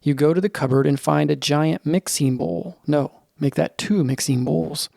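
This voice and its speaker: A man narrating a scripted children's story in the second person, in a lively storytelling manner. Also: fairly high pitch, moderate pace, creaky, dry recording, clean studio sound.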